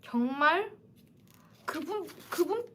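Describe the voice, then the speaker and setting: A woman in her twenties hosting a casual livestream book chat, animated and emphatic. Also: extremely high pitch, rapid-fire, slight background noise. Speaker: livestream host.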